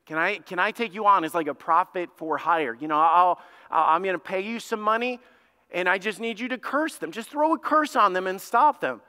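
A man's voice: sits high, lively intonation, moderate pace, bright, forceful tone, smooth, exaggerated voice. A preacher playing a pushy, bargaining ancient king. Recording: long reverb of a church hall.

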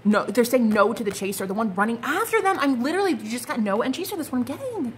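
A woman's voice: a little high, sing-song, quick pace, a little hiss or hum. A woman giving a casual, gushing tarot reading, full of slang and asides. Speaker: tarot card reader.

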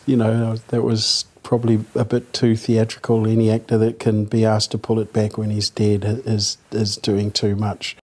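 A man's voice: on the low side, darkish tone. A man with a New Zealand accent, an actor telling reflective anecdotes in an interview. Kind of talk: reminiscing interview answers.

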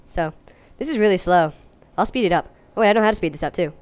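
A young woman giving goofy, jokey gameplay commentary, now and then breaking into silly high-pitched voices. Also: expressive, fast talker, a little mellow, clear, resonant tone. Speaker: let's play host.

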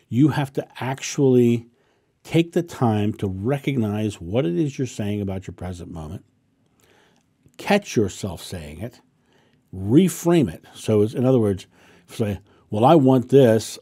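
A man who is a spiritual teacher, calmly answering a viewer's question in a casual monologue and repeating affirmations as he explains. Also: mid-range voice, husky.

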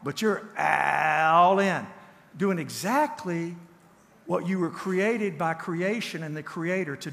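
A man in his sixties from Tennessee with a Southern accent gives a folksy, conversational church teaching talk. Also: high voice. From Tennessee, USA. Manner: folksy, conversational, repeats words and restarts. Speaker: guest speaker and counselor. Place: church sanctuary. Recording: long church reverb.

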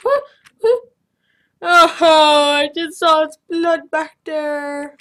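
A woman giving casual let's-play commentary, excitable, crying out loudly at every mishap and then muttering quietly. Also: high-pitched, very slow. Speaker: gameplay commentator.

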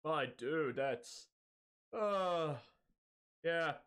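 A man's voice: a little high, extremely slow, a bit bright, clear, resonant tone. A young man streaming a game, chatting casually, rambling and laughing often, joking at his own expense, wired on an energy drink.

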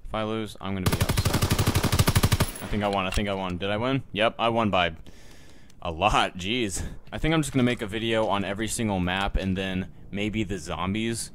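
Against a noisy background, a young man with a lowish voice briskly comments on his gameplay. The gaming YouTuber keeps it casual, joking and muttering to himself and viewers, and occasionally yelps.

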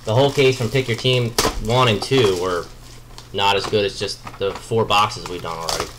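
A man with a fairly low voice talks his way through a card break, chatty and easily excited, muttering small asides as he opens each pack. A faint hum of room noise sits behind him. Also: normal speed. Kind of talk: live card-break commentary.

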